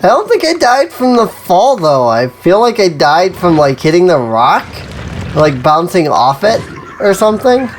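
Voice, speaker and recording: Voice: medium pitch, sing-song, unhurried, slight background noise. A let's play host giving casual, chatty gameplay commentary, self-amused, breaking into sudden yelps at mishaps.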